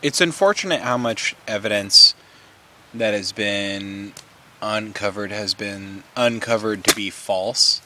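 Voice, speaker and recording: A man co-hosting a podcast in relaxed casual chat, joking around and often trailing off into laughter. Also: on the low side, slow, a little hiss or hum.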